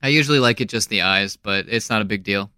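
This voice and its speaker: A man's voice: lowish voice, fast, sharp tone, clear, resonant tone, no echo. A man co-hosting a podcast in casual chat, agreeable and easygoing, rambling a little. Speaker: podcast co-host.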